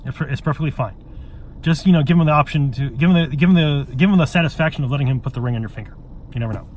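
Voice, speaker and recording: A man's voice: fairly high pitch, rapid-fire, a little mellow, a little hiss or hum. A man in an emotional monologue straight to camera, earnest and pleading, stumbling and repeating words and swearing bluntly. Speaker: vlogger.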